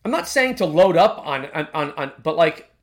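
A man's voice: a little high, big pitch swings, normal speed. A man co-hosting a soccer podcast, arguing his point with repeated restarts. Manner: argumentative, stammering restarts. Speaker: podcast co-host. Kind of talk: casual chat.

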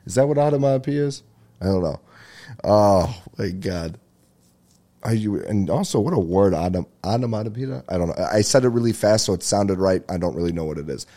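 A man hosting his own comedy podcast, talking alone in a rambling, profane way, laughing at his own jokes and jumping into loud, high-pitched rants. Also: animated, fairly quick. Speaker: stand-up comedian and podcast host. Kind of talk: solo comedy podcast monologue.

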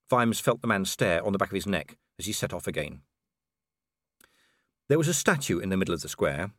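A man narrating an audiobook in an expressive storytelling manner. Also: medium pitch, no echo, studio quality.

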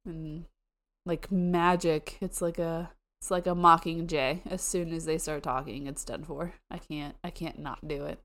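A young woman from the United States co-hosting a podcast, chatting casually and excitedly with quick asides and frequent laughs. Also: deep voice. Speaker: podcast co-host. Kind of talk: casual chat.

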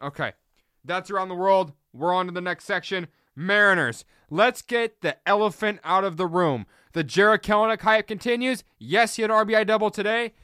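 A man hosting his own sports podcast, talking alone in a sarcastic, animated rant that wanders and corrects itself. His voice is smooth and clear. The sound is dry and close, with no room around it. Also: high-pitched, normal speed, dry recording.

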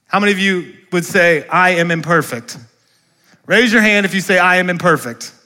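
A man's voice: high voice, moderate pace, bright, forceful tone. A male pastor preaching a sermon in a church, asking the congregation questions and calling for responses. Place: church sanctuary.

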